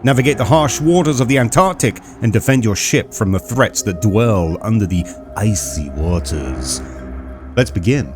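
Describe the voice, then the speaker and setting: A man's voice: on the low side, animated, moderate pace, music in the background. A man hosting a gaming channel, reacting jokily while reading game text aloud. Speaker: let's play gamer. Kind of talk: casual game commentary.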